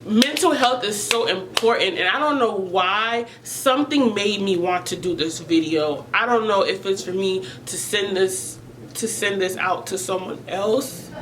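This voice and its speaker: A woman's voice: medium pitch, measured pace, background noise. Earnest emotional woman vlogger. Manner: earnest, emotional, repeats phrases. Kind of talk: personal vlog about mental health.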